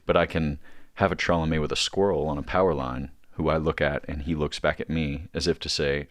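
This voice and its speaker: A man's voice: rumbling low, steady tone, brisk, no echo, studio quality. A man talking as a podcast guest in casual chat, rambling with many fillers and restarts.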